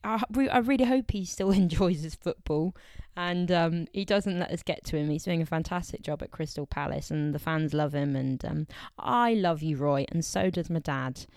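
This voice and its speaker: A woman's voice: deep voice, normal speed, a little mellow, no echo. A young woman, co-hosting a podcast in a chatty, playful way and laughing between remarks. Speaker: podcast co-host. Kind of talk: casual podcast chat about football.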